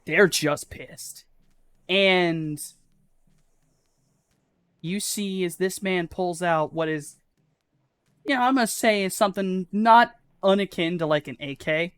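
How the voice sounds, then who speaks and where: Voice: mid-range voice, takes it slowly, long pauses, a bit bright, smooth, dry recording. Swearing casual game master. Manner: casual, swearing, filler-heavy narration. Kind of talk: narrating a live tabletop game.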